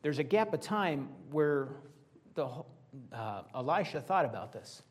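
A man preaching a conversational sermon to a Bible study group, lively, with joking asides to his listeners. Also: a little high, unhurried.

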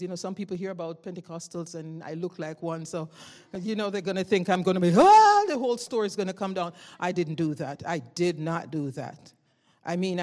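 A woman giving a spoken testimony to a congregation, telling a story with lively swings from loud exclamations to hushed tones and frequent laughter. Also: lowish voice. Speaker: church member giving testimony.

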